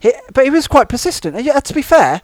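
A man's voice: very high voice, sing-song, quick pace, dry recording. A man co-hosting a casual comedy chat, telling a rambling anecdote full of laughs and self-interruptions. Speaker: podcast co-host.

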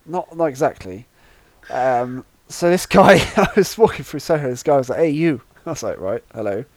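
Lively, rambling man telling a story. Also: a little high, normal speed, dry recording. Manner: rambling anecdotes with frequent laughter and self-interruptions. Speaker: podcast co-host. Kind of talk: casual comedic chat.

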